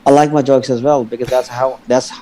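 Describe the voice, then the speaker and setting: A man's voice: mid-range voice, flat delivery, a little fast, warm tone, rough recording. A man from India with an Indian accent, a guest chatting casually on a video call and joking crudely. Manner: joking, crude, laughs often. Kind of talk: casual chat.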